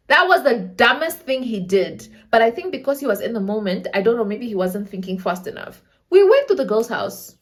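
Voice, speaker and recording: Twenties namibian girl telling a storytime, highish voice jumping all over as she acts out the people in it. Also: moderate pace. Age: 20s. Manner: animated, acting out the other people in her story. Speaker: storyteller vlogger. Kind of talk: casual storytime chat.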